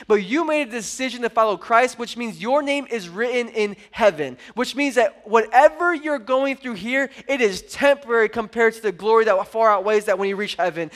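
High-voiced animated preacher man. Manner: animated storytelling, acts out his daughter's voice. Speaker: pastor. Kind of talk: sermon.

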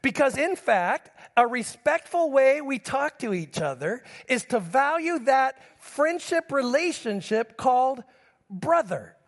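A man's voice: very high voice, big pitch swings, unhurried. A middle-aged man preaching a sermon as pastor, telling personal stories and speaking straight to the congregation. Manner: storytelling preacher addressing the congregation directly. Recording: long hall reverb.

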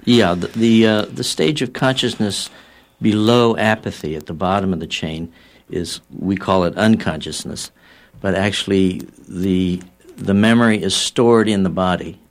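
A man's voice: low voice, fairly even intonation. A man, a guest on a talk show, explaining a healing theory and telling a story with frequent fillers and acted-out quotes. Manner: measured and explanatory. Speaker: guest healer.

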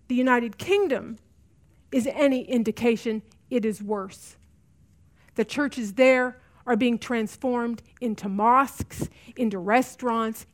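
Earnest woman teaching a women's Bible study. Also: on the high side. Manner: earnest, repeats key lines for emphasis. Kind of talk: teaching talk to a women's group.

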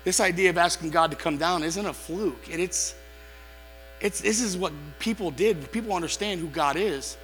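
A male preacher with a bright, forceful voice that rings through a large hall. He reads scripture, then rises into impassioned appeals to the congregation. Soft music plays faintly under his words. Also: high-pitched, moderate pace. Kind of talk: sermon.

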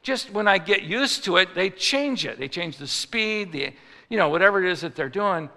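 Gravelly, bright-voiced male preacher. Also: high voice, moderate pace, in a large hall. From Chicago. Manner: animated storytelling, rising to mock outrage. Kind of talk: sermon with a comic story.

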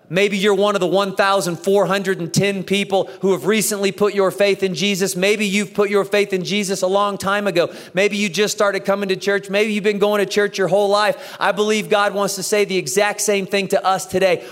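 A man in his thirties preaching a sermon, telling a story with lively acted-out dialogue. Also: sits high. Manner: animated storytelling, acts out dialogue. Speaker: pastor. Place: church auditorium. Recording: echoey church hall.

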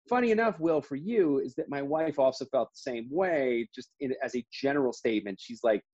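A man's voice: mid-range voice, quick pace, hardly any pauses, darkish tone, lo-fi sound. A man who co-wrote a comic book, talking in a chatty, rambling way with many restarts during an interview. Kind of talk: casual interview conversation.

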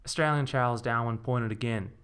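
A man narrating a comic story in a dry, deadpan way. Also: mid-range voice, brisk, clear, resonant tone.

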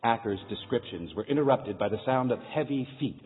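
A man narrates a dramatic tale with a lively, rising and falling voice. The audio is tinny and phone-like, ringing with long hall reverb over faint music. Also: medium pitch, fairly quick. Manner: expressive, storytelling.

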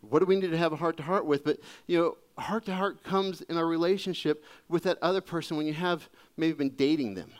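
A man's voice: a little high, fairly quick, hardly any pauses. A man preaching a sermon in a conversational, humorous storytelling way. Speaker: pastor.

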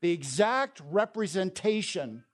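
A man preaching a sermon as pastor, reading scripture and explaining it in a deliberate, emphatic way. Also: sits high, expressive.

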